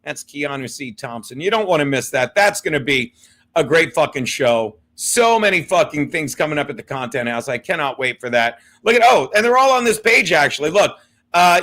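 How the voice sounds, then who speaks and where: A male livestream host chats with a guest and his viewers in a brash, profane style, laughing as he busts balls. His voice sits high for a man and has a bright, forceful edge. He talks into a desk mic. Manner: brash, profane, laughing, ball-busting banter. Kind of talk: casual livestream chat.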